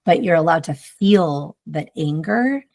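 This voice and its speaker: A woman speaking as a guest in a relaxed, rambling conversation. Her voice is fairly low with a gravelly, fry-laden texture. She talks reflectively and fills her sentences with "like". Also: measured pace. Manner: rambling, heavy use of "like", reflective. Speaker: podcast guest, mother. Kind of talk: casual conversation.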